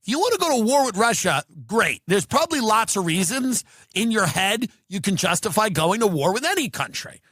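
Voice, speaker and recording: Podcast host, man, incredulous comic ranter, bright and sharp tone, swooping pitch, dry close sound. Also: very animated, a little fast, dry recording. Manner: incredulous, ranting, mocks others in put-on voices. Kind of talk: comedic rant.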